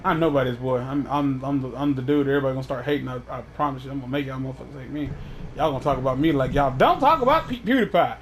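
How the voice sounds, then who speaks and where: A man's voice: medium pitch, rapid-fire, slight background noise. A man hosting a casual chat, talking in a profane, rambling way with many restarts. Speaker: podcast host.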